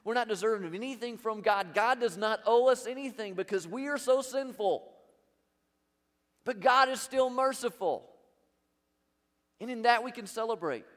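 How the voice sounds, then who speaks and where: Emphatic high-voiced preacher in a hall. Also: male voice, normal speed, pauses often. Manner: emphatic preaching with wide swings in loudness. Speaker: pastor. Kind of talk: sermon.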